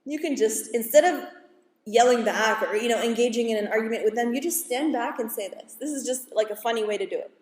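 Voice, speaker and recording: A woman's voice: a little high, brisk. Far-off woman speaking in an echoey hall. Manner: calm, explanatory, acts out quotes from kids and parents. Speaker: school psychologist. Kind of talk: parenting talk to an audience.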